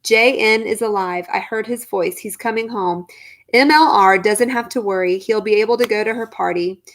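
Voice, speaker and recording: A woman reading a novel aloud in the first person, in a calm, even storytelling manner. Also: mid-range voice. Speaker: audiobook reader.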